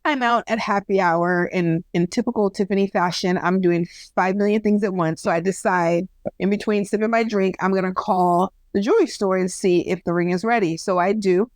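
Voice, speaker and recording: A woman in her thirties co-hosting a casual podcast, telling a story in a lively way and acting out the people she quotes. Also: mid-range voice, moderate pace, no room sound. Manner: animated storyteller, acts out quoted voices, laughs at herself. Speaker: podcast co-host.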